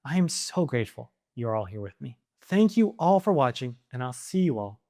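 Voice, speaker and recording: A man hosting his own channel, giving casual opinion commentary to camera, animated and firing off exasperated rhetorical questions. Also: mid-range voice, normal speed. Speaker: video essay host.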